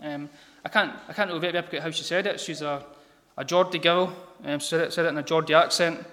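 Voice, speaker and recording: A man delivers an informal gospel sermon in a church hall, stumbling over his words and filling pauses with ums. His voice sits a little high for a man. The hall gives each phrase a long, reverberant tail. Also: fairly even intonation, sharp tone. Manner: halting, many ums and repeated words. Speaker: lay preacher.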